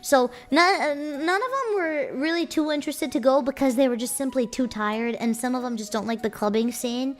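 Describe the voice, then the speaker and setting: A woman's voice: high-pitched, normal speed, hardly any pauses. A young woman streamer chatting casually to her viewers, telling stories in a playful, chatty way. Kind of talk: casual chat.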